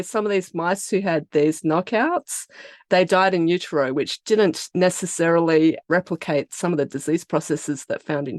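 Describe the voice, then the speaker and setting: A woman from Australia with an Australian accent, the founder of a biotech company, explaining her research and career in a relaxed, chatty podcast interview. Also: on the low side, no echo, clean studio sound.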